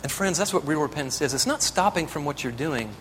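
A man's voice: fairly high pitch, lively intonation, fast talker, fairly bright tone, big-room sound, a little hiss or hum. A man preaching a sermon as pastor, earnest and building to emphatic exhortation.

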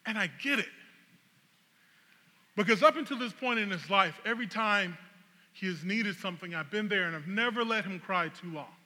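A high-pitched man with a very bright, sharp tone tells an animated, humorous story as a sermon illustration. His voice rings out with the long reverb of a large hall, like a pastor preaching from a stage. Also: normal speed, long pauses.

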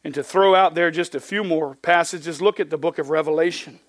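A male pastor with a high-pitched voice preaches verse by verse. He reads scripture with swelling emphasis, then slips into plainspoken, folksy asides. The sound is dry and close. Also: a little fast, dry recording. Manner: emphatic, reads scripture aloud with rising force. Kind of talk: expository sermon.

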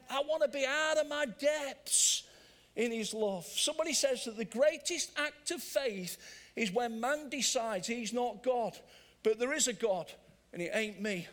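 An older man preaching a sermon in church, animated, moving between loud emphasis and soft, drawn-out phrases. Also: very high-pitched.

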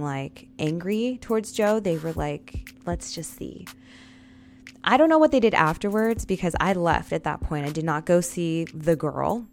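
A low-voiced woman in her thirties tells a casual, confessional story, speaking straight to viewers again and again. She repeats lines for emphasis, and faint music plays behind her.

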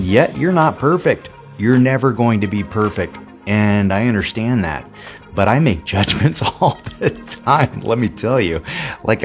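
A man hosting an unscripted devotional talk as a pastor, telling stories candidly and laughing often. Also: on the low side. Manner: candid, chatty storytelling with frequent laughs. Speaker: podcast host, pastor. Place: Spokane area. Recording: dull lo-fi recording with faint music.

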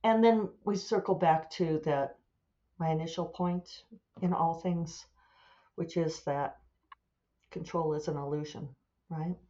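A woman's voice: sits low, a little mellow, lo-fi sound. A woman author chatting casually and rambling, amused at her own asides as she thinks aloud. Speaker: author and podcast host. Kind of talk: casual solo chat.

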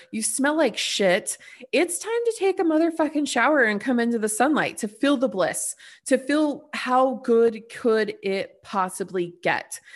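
A woman's voice: mid-range voice, fairly bright tone. A woman hosts her own podcast and talks through a loose spiritual monologue straight to her listeners. Her speech rambles with fillers. She turns blunt and profane whenever she pushes a point. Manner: chatty, full of "like" and "you know". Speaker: podcast host.

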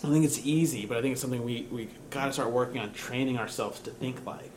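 A man's voice: medium pitch, quick pace, noisy background. A young man preaching as a pastor, telling a story in a casual, self-mocking way and laughing at himself. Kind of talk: sermon storytelling.

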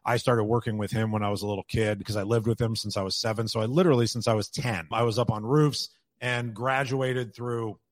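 A man's voice: mid-range voice, no room sound. Blunt man swearing freely, dry sound. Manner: candid, quick, peppered with swearing. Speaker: podcast guest, roofing business owner. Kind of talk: casual interview talk.

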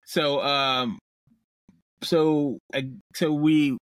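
A man's voice: fairly high pitch, fairly even intonation, fairly bright tone, dry recording, studio quality. A man hosting a podcast, steering a casual film discussion with questions and many restarts. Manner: asks questions, steers the talk, halting with restarts. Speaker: podcast host. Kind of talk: casual movie review chat.

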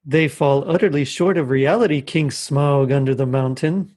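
A man voicing a small, polite male hobbit burglar who flatters a dragon. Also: mid-range voice, normal speed, natural voice. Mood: flattering.

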